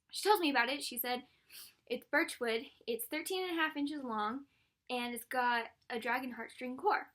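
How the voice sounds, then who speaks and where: A young woman vlogger telling a story in a casual, animated way, acting out what people said. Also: high voice. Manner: animated, breathless retelling with quoted voices and laughs.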